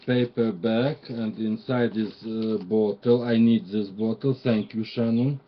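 A man unboxing gifts in a halting show-and-tell, pausing often with "uh" between short phrases. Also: fairly low pitch, steady tone, lo-fi sound. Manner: halting, pauses with many "uh" fillers while naming items. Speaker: crafter showing gifts.

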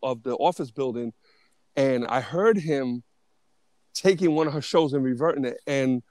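A man in his fifties telling stories as a podcast guest, animated and restarting often. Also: mid-range voice, moderate pace, dry recording. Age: 50s. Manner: animated, restarts often, acts out quoted voices. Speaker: interview guest, booking agent. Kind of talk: casual storytelling.

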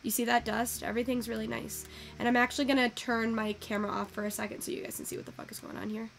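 A young woman giving casual, excitable commentary while taking in-game photos, swearing freely and gushing over what she sees. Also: on the high side, fast, gravelly, faint music behind. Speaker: virtual photography creator.

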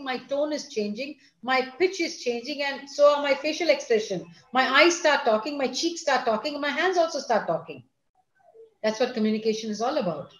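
Expressive woman teaching a class. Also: high-pitched, reverberant, low-quality recording. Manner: expressive, teacherly, addresses listeners directly. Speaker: school principal giving a talk. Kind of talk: online lecture to students and parents.

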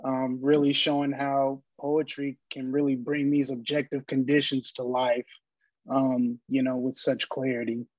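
A man's voice: mid-range voice, little pitch movement, measured pace, no room sound. A man hosting a virtual poetry reading who thanks each poet with hesitant, filler-laden remarks. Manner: hesitant, many ums. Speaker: event host. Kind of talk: casual hosting. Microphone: video call. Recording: dry, dull lo-fi call audio.

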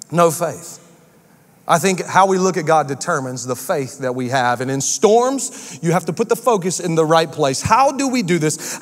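A male pastor preaching a sermon in a church, acting out quotes with shifts in pitch and pace. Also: big-room sound.

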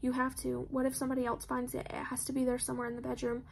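A woman's voice: sits high, monotone, very fast, vocal fry, slight background noise. A woman voicing an anxious teenage girl who talks in a shaky, stammering way.

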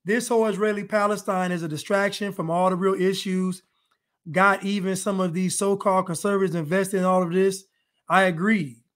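A man's voice: high-pitched, little pitch movement, a little fast, fairly bright tone. A man hosting a live podcast stream, chatting casually, joking, repeating himself and thanking viewers. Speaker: podcast host.

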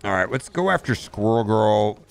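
A man talks his way through a mobile game in loose, rambling commentary, often restarting mid-sentence as he thinks aloud. His pitch swings widely up and down. Soft game music plays quietly behind him. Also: expressive, moderate pace. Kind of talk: casual gameplay commentary.

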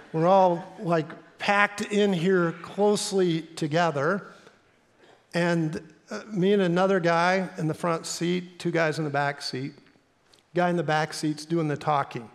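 A middle-aged pastor with a Midwestern accent, telling a story in a sermon in an earnest, halting way with fillers. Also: male voice, a little high. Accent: American Midwestern. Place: church sanctuary. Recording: long hall reverb in a church.

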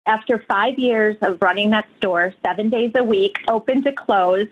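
A woman entrepreneur telling personal stories in a casual interview, earnest and animated, with frequent fillers. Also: mid-range voice, moderate pace, narrow, tinny audio, a little hiss or hum. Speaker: guest entrepreneur.

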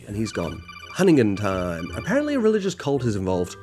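Male narrator, lively delivery, jokey recap tone, faint music underneath. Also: medium pitch, brisk. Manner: joking, self-mocking asides. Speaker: gaming channel narrator. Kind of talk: casual comedic game story recap.

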